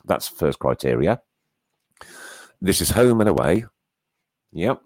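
Male host, extremely low voice, dry close studio sound, casual chat. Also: very animated, a little slow, a little mellow, no echo. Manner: chatty, reads out league standings. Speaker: podcast co-host. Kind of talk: casual football podcast chat. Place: small studio.

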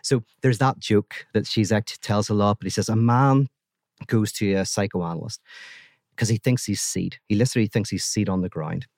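Lower-voiced man telling ideas with animated restarts. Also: moderate pace, vocal fry, no echo, studio quality. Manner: animated storytelling with frequent restarts. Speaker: guest philosopher. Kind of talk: podcast conversation.

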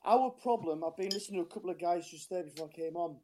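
A man with a high-pitched, darkish voice phones in as a football fan for a casual chat. He talks fast, in a passionate, frustrated and rambling way, and his voice sounds strained.

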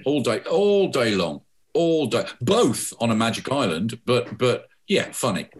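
A man, chatting as an interview guest and telling jokes with animated character voices. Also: mid-range voice, unhurried, husky. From England. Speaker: guest author. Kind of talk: casual interview chat.

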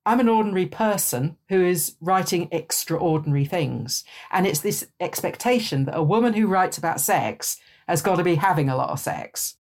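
A woman, speaking as a guest in a thoughtful, measured podcast conversation. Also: lowish voice. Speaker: author and guest.

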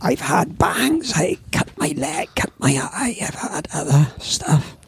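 A man's voice: high-pitched, takes it slowly, slight background noise. An older Welsh man, a former surfing champion, telling rambling anecdotes in a casual interview. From Wales. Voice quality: gravelly, raspy. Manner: rambling anecdotes with lively asides. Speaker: surf shop owner and former surfing champion.

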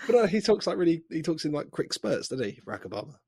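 A man's voice: on the high side, big pitch swings, quick pace, warm tone, slightly rough, no echo. Male co-host, rambly, lots of ums, casual chat, dry close mic. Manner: rambling, hesitant with many ums. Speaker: podcast co-host.

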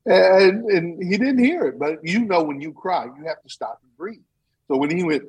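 A man who is a storyteller and teaching artist, talking in an interview and performing a tale in an animated, playful way. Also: fairly high pitch, normal speed, slightly rough, poor audio. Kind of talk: interview chat and live storytelling.

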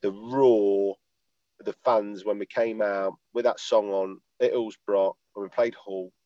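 A man's voice: fairly low pitch, steady tone, a little slow, mellow, no room sound. A man, a former footballer chatting as a podcast guest, rambling, laughing and swearing as he talks from his parked car over a call. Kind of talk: casual chat over a call. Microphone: video call. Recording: dull lo-fi call audio.

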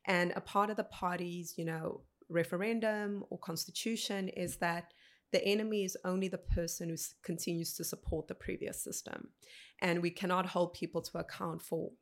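Gravelly woman telling her story. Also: on the low side, fairly even intonation. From South Africa. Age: 30s. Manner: earnest, unhurried storytelling. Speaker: podcast guest. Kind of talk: personal storytelling in a podcast interview.

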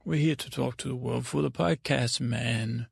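A man playing a dim, dreamy young prince, telling an improvised comic bedtime story in a meandering, halting way. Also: medium pitch, creaky, slightly rough, dry recording, clean studio sound. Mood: dreamy rambling. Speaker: podcast host.

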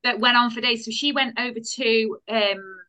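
A British woman with a bright, forceful voice pitched a little high, co-hosting a casual podcast. She tells stories in an animated, chatty way and laughs often. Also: moderate pace. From Britain. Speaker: podcast co-host. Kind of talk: casual chat.

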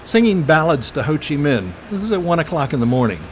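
An older American man giving an oral history interview, telling his memories in an earnest, reflective way with frequent pauses and fillers. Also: on the high side, sing-song, slight background noise.

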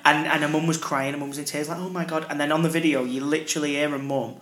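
A man's voice: fairly high pitch, fast talker. A young man, hosting a podcast and telling a story in casual, sweary chat. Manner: animated storyteller, swears freely. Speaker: podcast host. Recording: roomy echo.

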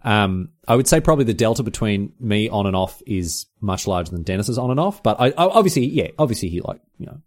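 A man with an Australian accent, hosting a podcast in fast, animated, casual solo chat. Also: on the low side. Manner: fast, animated storytelling with exclamations. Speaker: podcast host.

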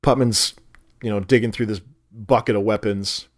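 A man co-hosting a casual comedy podcast, animatedly retelling a film's scenes and slipping into quick voices for the characters. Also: fairly low pitch, steady tone. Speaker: podcast co-host recapping a film.

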